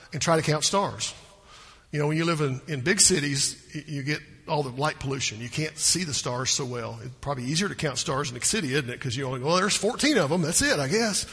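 Folksy preacher, husky and bright. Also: male voice, fairly high pitch. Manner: folksy, conversational preaching with rhetorical questions. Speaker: pastor. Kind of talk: sermon. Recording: hall reverb.

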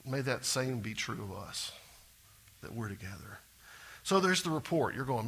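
A middle-aged man preaching a sermon as pastor, swinging between soft asides and loud, animated exclaiming. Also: medium pitch, normal speed, vocal fry, long pauses, breathy edge.

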